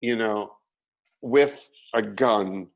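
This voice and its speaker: A man, an actor as a guest, chatting casually and telling animated, self-deprecating stories. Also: fairly low pitch, extremely slow, gravelly. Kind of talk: casual chat.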